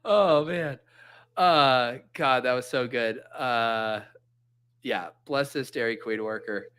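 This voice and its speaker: Excitable man hosting, laughing often. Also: medium pitch, slow pace, smooth. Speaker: host. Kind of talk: casual livestream chat.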